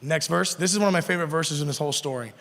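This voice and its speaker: A man's voice: fairly high pitch, very fast, vocal fry, fairly bright tone. A man preaching a casual sermon to a youth group, talking conversationally and asking the kids questions. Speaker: youth pastor. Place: youth room. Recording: long hall reverb.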